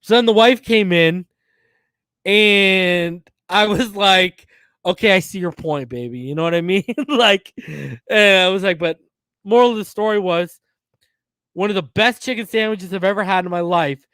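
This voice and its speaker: A man in his thirties telling a long personal story on a podcast, animated and slangy with plenty of swearing. His voice sits a bit high for a man. The recording is dry and close, with no room sound. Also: measured pace, smooth, dry recording. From northern US. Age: 30s. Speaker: podcast host. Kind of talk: casual storytelling.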